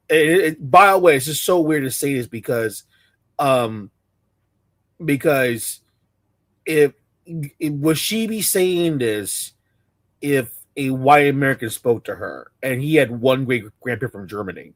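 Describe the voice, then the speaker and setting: A man's voice: medium pitch, dry recording. A man giving a profane, scornful rant as a commentator reacting to a clip.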